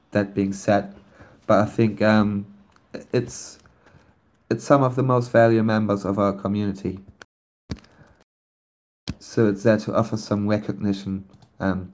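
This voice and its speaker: A man's voice: lowish voice, a little mellow. Hesitant non-native English man on a voice call. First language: not English. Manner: hesitant, many ums and restarts. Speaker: community member announcing a nomination. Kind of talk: casual chat on a community voice call. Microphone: online voice call.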